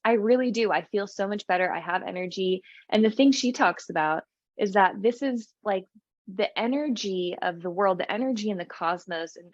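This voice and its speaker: A woman's voice: medium pitch, no room sound, muffled recording. A young woman co-hosting a podcast, chatting casually with lots of fillers, restarts and laughs. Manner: rambling, many fillers and restarts, laughs often. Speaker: podcast co-host. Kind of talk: casual chat.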